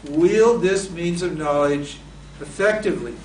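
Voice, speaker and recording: A Vedanta teacher lectures his students on spiritual texts, posing rhetorical questions and answering them himself. His voice is fairly high and unhurried, and the distant mic picks up a roomy echo along with slight background noise.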